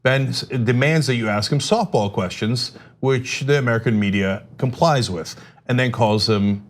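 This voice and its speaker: A man's voice: mid-range voice, moderate pace. A man hosting a political commentary panel, speaking sarcastically.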